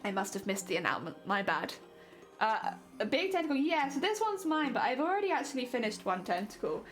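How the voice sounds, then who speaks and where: A woman's voice: a little high, sing-song, brisk, faint music behind. A young woman streaming, chatting playfully with her viewers while she crafts, often giggling.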